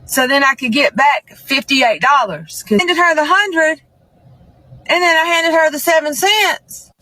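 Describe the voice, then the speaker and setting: Bright high woman telling a rambling story. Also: animated, measured pace, no echo, low-quality recording. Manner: rambling, repeats herself, acts out the exchange. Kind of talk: comedic storytelling.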